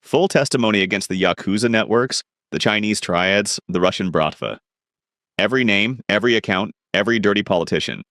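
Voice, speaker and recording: A man voicing a tough, stubborn male crime boss who gives gruff commands, in a storybook reading. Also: on the low side, a little fast, a bit bright, no room sound, clean studio sound, close to an everyday voice. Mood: determined.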